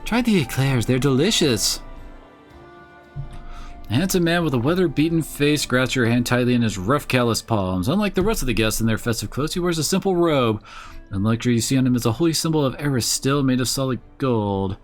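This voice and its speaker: Man, let's play commentary, casual, wry, lively intonation. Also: medium pitch, fast talker, faint music behind. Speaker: gamer playing on stream.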